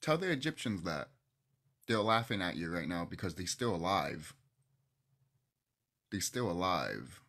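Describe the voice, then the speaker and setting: Husky guy ranting to camera, low-ish voice, gets loud then drops to almost a whisper, kinda teary. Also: sing-song, a little slow, pauses often. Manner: passionate, swings between loud outbursts and hushed near-whispers, swears. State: emotional, teary. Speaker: video host.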